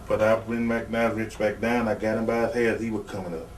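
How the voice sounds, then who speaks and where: A man's voice: lowish voice, level tone, fast talker. A man in an interview, bluntly telling rambling, profane stories about his wrestling days. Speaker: retired pro wrestler, guest. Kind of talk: casual interview storytelling. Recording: distant mic, faint background noise.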